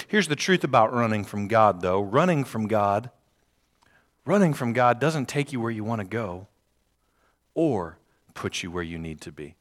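A man's voice: mid-range voice, big pitch swings, a little slow, a bit bright. A man preaching a sermon, reading scripture aloud and repeating key phrases for emphasis. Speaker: pastor. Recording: long hall reverb.

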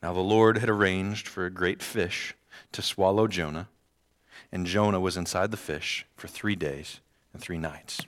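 A man's voice: sits low, steady tone, measured pace. A man preaching a sermon, reading scripture aloud and repeating key phrases for emphasis. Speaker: pastor. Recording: long hall reverb.

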